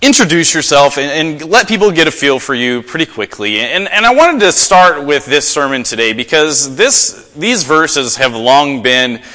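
A man preaching a sermon to a congregation, telling stories in an animated way. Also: normal speed, hardly any pauses, long reverb tail. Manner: animated storytelling, rising pitch in acted quotes. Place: church.

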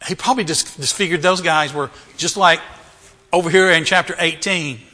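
A man's voice: on the high side, moderate pace, sharp tone. A male pastor preaching a sermon, asking rhetorical questions and repeating phrases for emphasis, in a church. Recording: reverberant hall.

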